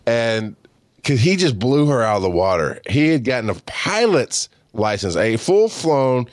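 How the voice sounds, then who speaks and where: Profane, lively-voiced storytelling man. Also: medium pitch, unhurried, dry recording, studio quality. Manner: profane, animated, acts out quotes of friends. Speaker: podcast host. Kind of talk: casual storytelling monologue.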